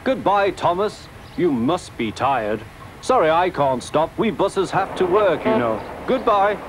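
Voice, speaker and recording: A man's voice: medium pitch, sing-song, moderate pace, slight background noise, natural voice, poor audio. A man voicing a cheerful, teasing male bus in a children's story. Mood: jolly. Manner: teasing, jolly.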